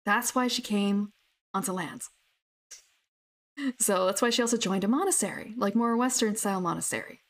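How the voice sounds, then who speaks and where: Pausing often at a moderate pace, a young woman with a medium-pitched voice talks casually about her tabletop characters. She's a gamer who rambles, with many fillers and restarts.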